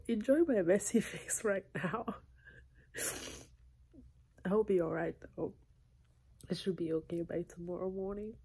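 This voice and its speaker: A woman crying softly into her phone indoors at night, speaking in a slow, halting way and often dropping to a whisper. Her voice is husky and mellow, thick with tears. It sounds close and intimate. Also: medium pitch. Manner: halting, soft-spoken, slipping into whispers. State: tearful, crying. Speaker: vlogger. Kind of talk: emotional confessional vlog. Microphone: phone held close.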